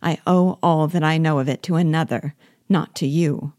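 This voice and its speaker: A woman voicing a gentle young sister, low voice, mellow tone, tender, earnest, storybook reading. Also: normal speed, no echo, studio quality, natural voice. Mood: affectionate.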